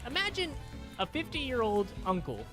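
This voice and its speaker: A man telling a rambling personal story in a casual, animated way, swearing freely. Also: extremely high pitch, moderate pace, over music. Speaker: storyteller in a played clip.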